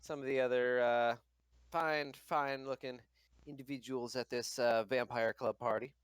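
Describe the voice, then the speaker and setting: A man's voice: mid-range voice, steady tone, moderate pace, smooth, dry recording. Rambling man in a dry room. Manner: rambling, full of restarts and fillers. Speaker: player. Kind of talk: casual tabletop game chat.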